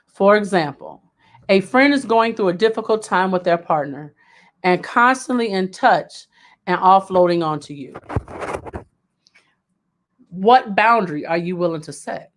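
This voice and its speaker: A woman's voice: medium pitch, expressive, measured pace, long pauses. A woman hosting a live self-help talk, speaking emphatically and repeating key points for emphasis. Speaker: host.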